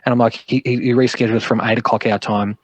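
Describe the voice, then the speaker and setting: A man's voice: mid-range voice, fast, no echo. Swearing man telling stories. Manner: swearing, animated storyteller. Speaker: podcast guest. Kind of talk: casual chat.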